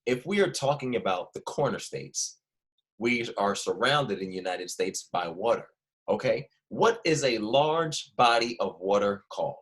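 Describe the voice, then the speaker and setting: A man's voice: fairly low pitch, expressive, unhurried, fairly bright tone. A young man with a slight Philadelphia accent, teaching a first grade history lesson and patiently repeating key words for small children. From Philadelphia family. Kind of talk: online classroom lesson.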